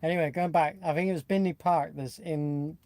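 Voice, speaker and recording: A chatty man from Nottingham co-hosts a casual livestream. His voice is mellow and relaxed, and he rambles easily from story to story. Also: fairly high pitch, a little fast, dry recording. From England (Nottingham). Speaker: co-host.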